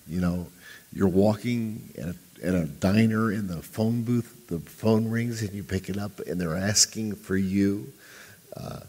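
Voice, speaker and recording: A pastor talking casually to his congregation, halting and conversational with many restarts. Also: low voice, husky. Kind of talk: casual sermon. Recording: echoey hall.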